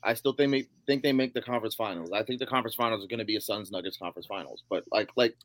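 A man co-hosting a casual sports podcast, emphatic and quick to push back, saying bro a lot. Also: lowish voice, a bit bright. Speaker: podcast co-host.

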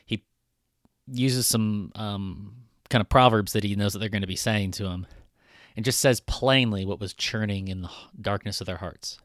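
A man's voice: on the low side, moderate pace, a bit bright, no room sound, clean studio sound. A man preaching a conversational sermon in a casual, irreverent way. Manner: casual, irreverent, with frequent fillers and restarts. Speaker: pastor.

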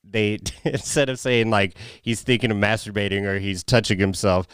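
A man's voice: on the low side, steady tone, moderate pace, fairly bright tone, clean tone, dry recording, clean studio sound. A man co-hosting a casual podcast, laughing often and cracking crude jokes. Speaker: podcast co-host.

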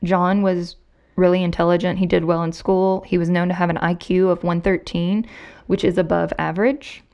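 A woman's voice: lowish voice, flat delivery, normal speed, gravelly, darkish tone, lo-fi sound. A woman hosting a podcast, casually recounting a true crime case to her co-host and reading quotes with emphasis. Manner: conversational, reads quotes with emphasis.

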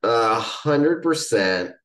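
A woman's voice: extremely low pitch, animated, very slow, a bit bright. A woman co-hosting a podcast, bantering casually and laughing often. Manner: giggly, agreeable banter. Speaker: podcast co-host. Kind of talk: casual chat. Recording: roomy echo.

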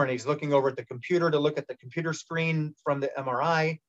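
A middle-aged man recounts a personal story in relaxed interview talk, rambling a little and restarting his sentences as he acts out what others said. His voice sits a touch high, and the recording is muffled and lo-fi. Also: fast talker. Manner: candid, rambling with restarts and quoted dialogue. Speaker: guest telling his cancer story. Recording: muffled lo-fi sound.

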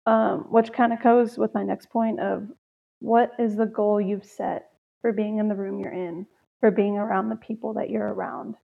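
A woman's voice: medium pitch, level tone, normal speed, creaky. A young woman hosting a solo podcast, chatting casually and telling stories about her day with sighs and laughs. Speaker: podcast host. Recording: tinny phone-like audio.

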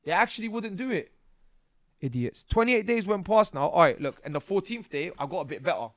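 A man, a podcast guest telling his stories in casual street slang, often tagging lines with "bro" and "yeah" and getting animated. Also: sits high, fairly quick, dry recording. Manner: animated, rising when excited. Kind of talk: casual interview storytelling.

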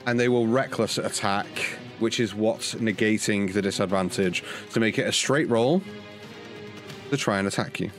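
A man narrating a tabletop game as its dungeon master, with an upbeat, joking delivery at an ordinary pitch. Faint music plays behind him. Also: normal speed.

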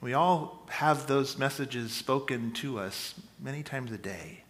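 A man preaching a sermon, with dynamic delivery that swings between loud emphasis and quiet asides. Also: mid-range voice, lively intonation, measured pace. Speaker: pastor.

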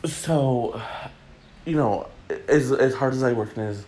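A man's voice: mid-range voice, unhurried, a little mellow. A man hosting a podcast alone, rambling and joking in casual chat with lots of fillers. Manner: rambling, chatty, jokey, many fillers. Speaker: podcast host.

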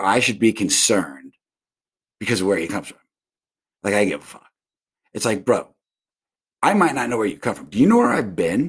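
Man, solo podcast host, husky low voice, lively swings in pitch, profane rambling rant. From South Florida. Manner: profane, rambling, restarts and tangents. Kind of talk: casual solo monologue. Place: home.

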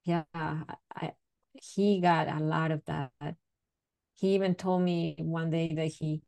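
A woman speaking as a podcast guest, her voice a little low. She talks very slowly and earnestly as she tells personal stories. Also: warm tone, no echo, low-quality recording. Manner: slow, earnest storytelling. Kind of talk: casual conversational interview.

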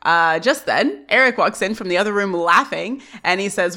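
A woman's voice: medium pitch, fairly quick, pushed and bright. A woman co-hosting a podcast, retelling scenes in casual chat and quoting the characters' lines as she goes. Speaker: podcast co-host.

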